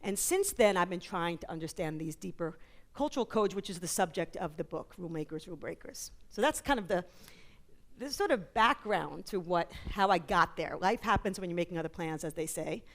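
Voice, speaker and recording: Animated New woman telling stories. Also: on the low side. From New York, USA. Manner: animated storyteller, quick asides and jokes. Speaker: author and psychologist guest. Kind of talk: conference interview talk. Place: conference stage.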